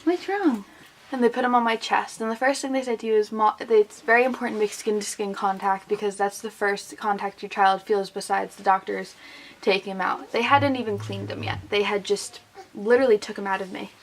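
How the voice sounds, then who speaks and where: A woman's voice: mid-range voice, fairly even intonation, brisk, slight background noise. A young woman casually telling a personal story to camera as a vlogger, chatty and full of "like", quoting what others said. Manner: chatty, heavy use of "like", retelling with quoted voices.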